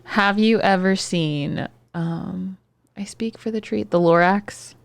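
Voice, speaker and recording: A woman's voice: mid-range voice, slow pace, vocal fry, no room sound. A young adult woman co-hosting a podcast in casual chat, laid-back and teasing. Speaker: podcast co-host.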